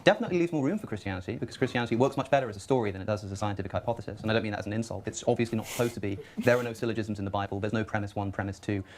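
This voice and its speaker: Panel guest, male, rapid-fire talker who slips into voices for his anecdotes. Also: fairly low pitch, a little hiss or hum. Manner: acts out anecdotes in lively voices. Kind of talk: panel discussion.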